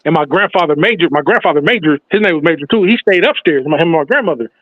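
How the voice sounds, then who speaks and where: A man's voice: on the high side, animated, fast, no echo. A man telling a story from his childhood in casual talk, acting out the other people's voices. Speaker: podcast host. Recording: tinny, phone-like sound.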